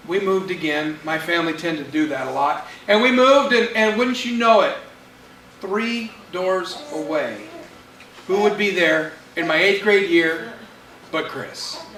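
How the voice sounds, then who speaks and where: Animated man preaching in an echoey hall. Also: sits high. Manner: animated storyteller acting out quotes. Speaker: pastor. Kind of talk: sermon storytelling. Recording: echoey room, mic at a distance, faint hiss.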